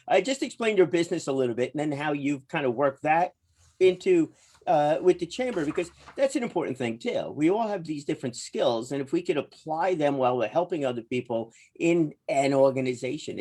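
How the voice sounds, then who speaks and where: Chatty higher-voiced male host. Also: animated, fairly quick, a little mellow. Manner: rambling, chatty, laughs easily. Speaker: podcast host. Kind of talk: casual interview hosting.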